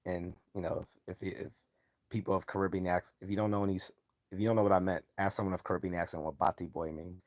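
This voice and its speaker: A man's voice: deep voice, fairly even intonation, fairly quick, long pauses, a little mellow, dry recording. A man hosting a live stream in a casual commentary style, loose and mocking, chuckling often and swearing freely.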